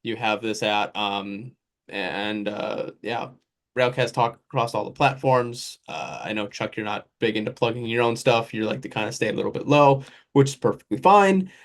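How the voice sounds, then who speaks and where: A man's voice: lowish voice, normal speed. A man hosting a casual sports podcast, talking in a loose, rambling way that drifts through lists and asides. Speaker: podcast host.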